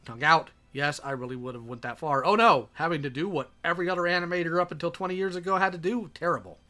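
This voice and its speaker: A man's voice: on the high side, fast talker, pushed and bright. A man reading messages aloud and reacting in a sarcastic, exasperated way.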